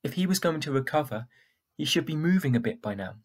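A man's voice: on the high side, animated, fast, pitched above the performer's own voice. A man doing a stubborn young girl, Annie. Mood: firm, reasoning. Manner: raised, insistent questioning.

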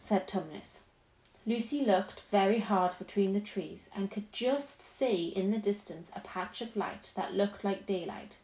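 A woman narrating a storybook in a calm, measured reading voice. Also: medium pitch. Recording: roomy echo.

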